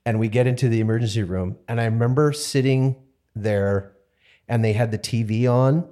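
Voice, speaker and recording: A man's voice: medium pitch, moderate pace, mellow. A man co-hosting a podcast, telling a story in a casual, wry way and acting out sounds and dialogue. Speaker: podcast co-host.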